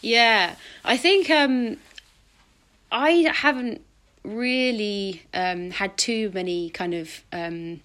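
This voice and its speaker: A woman speaks in a bright, clear voice. She talks thoughtfully in a relaxed interview, often pausing with ums and restarting her sentences. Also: medium pitch. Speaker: designer and podcast guest. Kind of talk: reflective conversational interview.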